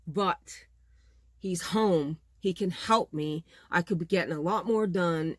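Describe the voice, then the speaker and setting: A woman's voice: lowish voice, no room sound. Middle-aged woman, casual vlog chat, exasperated venting, dry recording. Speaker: small-business vlogger.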